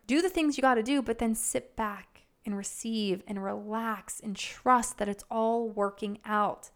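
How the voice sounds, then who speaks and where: Candid, swearing woman podcast host. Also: a little high. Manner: candid, swears freely, acts out her own inner voices. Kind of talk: casual motivational monologue.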